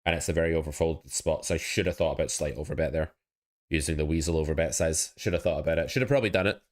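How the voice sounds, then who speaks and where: Young man, low voice, casual stream host who talks to chat while he plays and coaches. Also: quick pace. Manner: chatty, self-critical, talks to chat. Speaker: poker coach streaming his play. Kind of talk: casual live-stream commentary.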